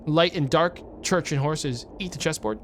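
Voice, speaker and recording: Streamer guy reading game text, deadpan jokes, kinda high voice, faint hum behind. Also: moderate pace. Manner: reads game text aloud, deadpan jokey asides. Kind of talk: casual let's play commentary.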